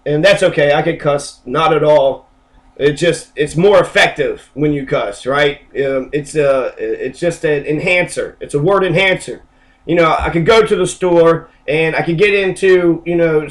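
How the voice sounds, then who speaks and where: Brief: man, flu-sick, loose and profane, slightly high-pitched, casual vlog ramble. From Kentucky. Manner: rambling, profane, stop-start. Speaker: political video blogger.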